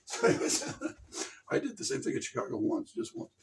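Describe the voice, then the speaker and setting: Comic storyteller: a man with a high, lively voice, rambling and laughing. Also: a little fast, gravelly, recorded from a distance, a little hiss or hum. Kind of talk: comedic storytelling.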